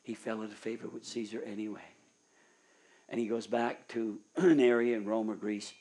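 Fervent preacher, hushed to loud. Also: male voice, fairly low pitch, steady tone, normal speed. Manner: swings from hushed whispers to loud fervent urging. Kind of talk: sermon.

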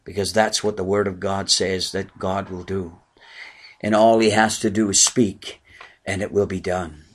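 A man delivers a sermon with a husky, breathy edge to his voice. He speaks with earnest conviction, lifting on key words and sinking to a near whisper on others. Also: deep voice, little pitch movement, a little slow. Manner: earnest preaching, swelling and dropping to near whispers. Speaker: pastor.

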